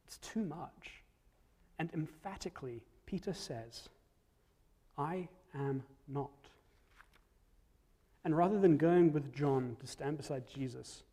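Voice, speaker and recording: A man preaching a storytelling sermon, reflective, dropping to soft tones at key moments. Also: a little high, breathy edge, in a large hall.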